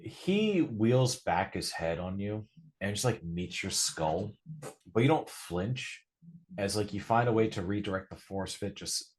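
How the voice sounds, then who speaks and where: Deep-voiced man narrating as game master. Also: husky. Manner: loose, drawn-out narration with fillers.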